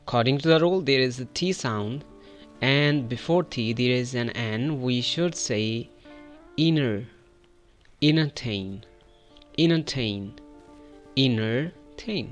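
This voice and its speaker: Over soft background music, a man from Pakistan uses his mid-range voice to teach English pronunciation. Speaking with a Pakistani accent, he elongates model words so the listener can repeat them in drills.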